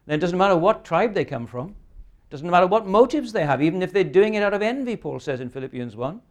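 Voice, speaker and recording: A man's voice: high-pitched, expressive, quick pace. A man in his sixties preaching a sermon, earnest and emphatic, often ending points with rhetorical questions. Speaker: pastor.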